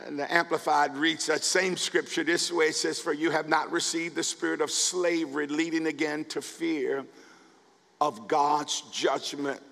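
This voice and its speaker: A male pastor preaching a sermon, building from calm scripture reading to shouted calls to the congregation. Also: on the high side, unhurried, creaky, big-room sound. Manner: preaching, rising to shouts with repeated words. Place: church sanctuary.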